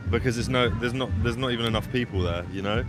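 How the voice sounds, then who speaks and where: A man's voice: mid-range voice, fast talker, soft background music. A man from England talking in a thoughtful, hesitant, agreeable way in a casual chat outdoors.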